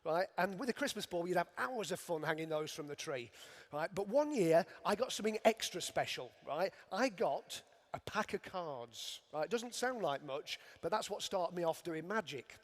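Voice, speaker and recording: A man's voice: sits high, expressive, moderate pace, few pauses. A middle-aged man, a magician, doing dry, self-mocking comic patter on a stage. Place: large arena stage. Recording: long arena reverb.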